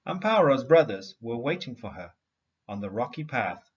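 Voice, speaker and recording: A man reading a story aloud to a class in an expressive storytelling manner. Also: mid-range voice, moderate pace, muffled recording. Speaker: teacher.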